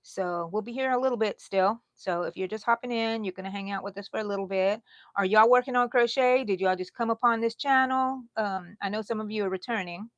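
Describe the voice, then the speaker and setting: A middle-aged Texan woman hosting a casual crochet livestream, chatty, laughing often and drifting into soft asides. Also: medium pitch, a little fast, dry recording. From Texas. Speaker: crochet channel host.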